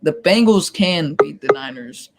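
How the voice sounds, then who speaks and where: A man hosting a casual sports stream, loose and quick to laugh, often correcting himself mid-sentence. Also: high voice, expressive, vocal fry, very noisy. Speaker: stream host.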